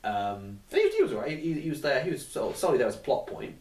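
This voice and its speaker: A man's voice: medium pitch, huge pitch swings, quick pace, darkish tone. A man chatting casually about a film he saw, rambling and swearing now and then as he acts out bits of dialogue. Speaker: film reviewer. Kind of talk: casual chat. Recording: echoey room, mic at a distance, faint noise.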